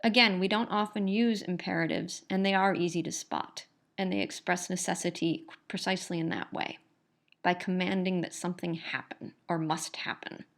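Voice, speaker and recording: A woman's voice: fairly low pitch, fairly even intonation, moderate pace, gravelly, a bit bright. A middle-aged woman teaching an English grammar lesson, explaining patiently and repeating key points. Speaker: English instructor. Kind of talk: recorded grammar lecture.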